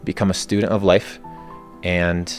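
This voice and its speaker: A man's voice: low voice, flat delivery, moderate pace. A man giving motivational advice in blunt, short, declarative statements. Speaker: guest. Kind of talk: motivational talk. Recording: faint background music.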